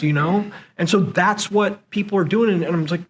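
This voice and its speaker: A man with a fairly high speaking voice tells stories from his military leadership days. He is animated and slips into the voices of the people he quotes. The tone is relaxed conversation in a podcast interview. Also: moderate pace, hardly any pauses, breathy edge, low-quality recording. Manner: animated storyteller who acts out quoted dialogue. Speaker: podcast guest and former SEAL leader. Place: conference venue.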